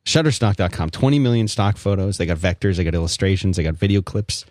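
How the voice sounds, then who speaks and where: A man's voice: low-pitched, fast, darkish tone, dry recording, studio quality. A man co-hosting a podcast, laid-back and joking, reading an ad in casual chat. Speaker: podcast co-host.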